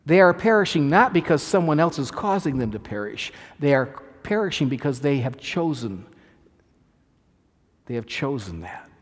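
A man's voice: a little high, very animated, moderate pace, in a large hall. A man preaching a sermon as pastor, earnest and emphatic, restarting phrases as he explains scripture.

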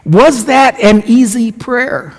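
In a hall with long reverb, a man with a very high voice delivers a slow sermon. He puts questions to the congregation and brings his stories to life by acting out the quoted lines.

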